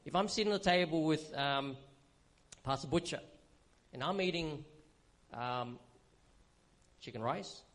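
A man teaching from the pulpit in a relaxed, conversational sermon style. His voice sits a little high for a man, and he keeps checking in with the congregation as he explains. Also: measured pace, pauses often. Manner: conversational, frequent "okay?" check-ins and fillers. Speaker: pastor.

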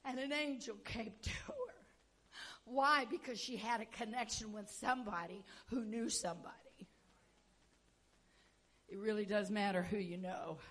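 A woman preacher giving an impassioned sermon, moving between hushed tones and shouting as she tells stories. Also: mid-range voice, moderate pace, long pauses, breathy edge. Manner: storytelling with acted-out quotes.

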